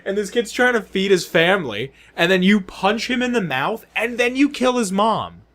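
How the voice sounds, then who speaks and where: A man's voice: sits high, normal speed. A man co-hosting a podcast who chats casually, retelling things with lots of swearing and acted-out reactions. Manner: animated, profane storytelling that acts out quoted reactions. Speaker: podcast co-host. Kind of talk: casual chat.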